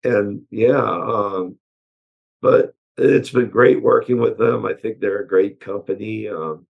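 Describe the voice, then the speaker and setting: A man with a hoarse voice from allergies, a chassis engineer guest answering interview questions in a relaxed way, with many pauses and "uh"s. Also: lowish voice, muffled recording. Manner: relaxed, hesitant with frequent "uh" and "um". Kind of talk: casual technical interview answers.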